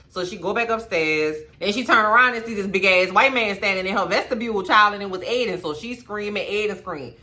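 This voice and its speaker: A young woman recapping a TV episode in casual, profane, animated chat. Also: mid-range voice, fairly quick, hardly any pauses. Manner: animated, profane, sassy storytelling. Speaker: commentary host.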